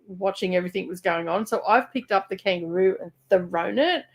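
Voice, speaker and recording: Animated Australian woman telling stories. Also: mid-range voice, fairly quick, vocal fry. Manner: animated storyteller, laughs often. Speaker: co-host of a live reading stream. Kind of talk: casual chat. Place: rural home library.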